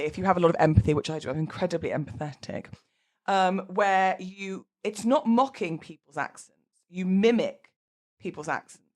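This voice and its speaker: A woman hosts her wedding podcast in a loose, chatty way. She overshares freely and pokes fun at herself while she applies makeup between sentences. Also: medium pitch. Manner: chatty, oversharing, self-mocking. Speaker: wedding podcast host and celebrant. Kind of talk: casual chat.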